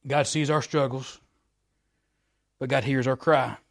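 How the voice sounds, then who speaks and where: A man preaching a sermon in a folksy, repetitive way that swells louder at the high points. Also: fairly even intonation, a little slow, creaky.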